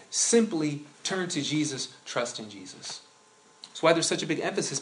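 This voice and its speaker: A man preaching a sermon in a conversational way, building into animated storytelling. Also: fairly high pitch. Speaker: pastor.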